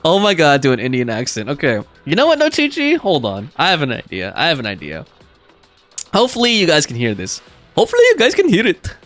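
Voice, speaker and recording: A man's voice: mid-range voice, wildly swooping pitch, a little fast, a bit bright, faint music behind. A man streaming a video game live, chatting casually with viewers, laughing often and reading game text aloud. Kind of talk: casual live-stream chat while gaming.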